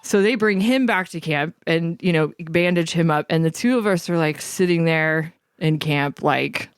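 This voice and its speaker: Woman, podcast co-host, lower voice, smooth, dry close sound, profane storytelling. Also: moderate pace, dry recording. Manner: animated, profane, acts out quotes. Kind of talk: casual storytelling.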